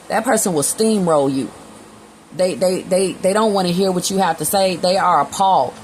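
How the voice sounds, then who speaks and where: A woman's voice: fairly low pitch, slight background noise, low-quality recording. A woman giving a casual tarot reading, talking bluntly with slang and swearing. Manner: blunt, slangy, swears freely, acts out both sides in quotes. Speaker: tarot reader.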